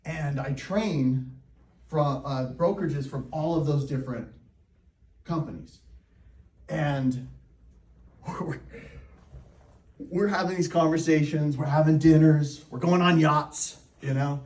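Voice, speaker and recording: A man with a fairly high voice tells a story to a live audience. He talks in an animated way and laughs often. The room is echoey and the mic sits a little way off. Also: slow pace, long pauses, distant mic. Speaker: real estate coach.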